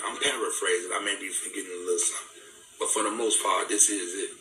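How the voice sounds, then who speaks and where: A man's voice: deep voice, steady tone, fast, sharp tone. A man giving an impassioned, preaching talk, fervent and repetitive, in casual vernacular. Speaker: speaker. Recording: echoey room, distant mic, faint music.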